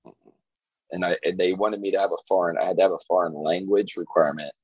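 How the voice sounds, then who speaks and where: Deep husky-voiced man telling stories. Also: fairly even intonation, quick pace, darkish tone, dry recording, highs cut off. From Virginia. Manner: laid-back storytelling, frequent "like" and "you know". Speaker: podcast guest. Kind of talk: casual chat.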